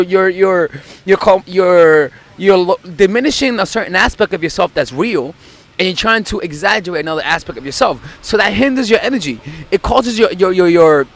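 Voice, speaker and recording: Earnest dating coach, man. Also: sits high. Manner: repeats words often when excited; earnest, insistent delivery. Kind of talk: advice video to camera.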